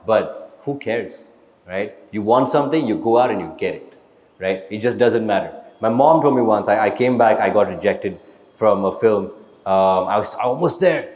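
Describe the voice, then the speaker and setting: Blunt low-voiced actor in an echoey hall. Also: male voice, a little mellow. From India. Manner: blunt motivational, repeats "right?". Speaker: actor interviewee. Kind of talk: live audience Q&A. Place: live event hall. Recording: echoey hall, long reverb.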